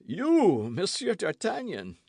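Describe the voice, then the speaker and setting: Brief: terrified manservant, very high and shouted, put on by a male narrator. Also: sing-song, unhurried, no room sound, clean studio sound, heavily acted. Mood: panicked. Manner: shrill and yelping. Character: startled, frightened male lackey, shrill. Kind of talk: audiobook character voice.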